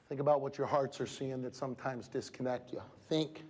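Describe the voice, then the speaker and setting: A man's voice: mid-range voice, a little fast, few pauses, husky. A man giving an emphatic motivational speech at a school assembly, calling out to the students. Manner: emphatic, animated, calls out to the audience. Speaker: motivational speaker. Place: school hall with student audience. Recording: echoey hall with crowd.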